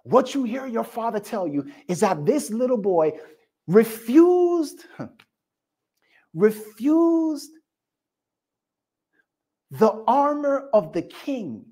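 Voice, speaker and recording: A male pastor preaching a sermon, telling the story with lively call-and-response to the congregation. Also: high voice, a little slow, few pauses, breathy edge.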